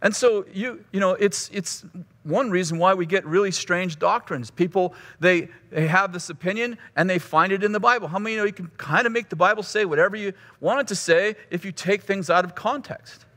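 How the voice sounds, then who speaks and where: A man's voice: sits high, brisk, bright, forceful tone. A male pastor teaching a course session in a conversational, teasing way, often restarting his phrases. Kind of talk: teaching sermon with humor. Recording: long hall reverb.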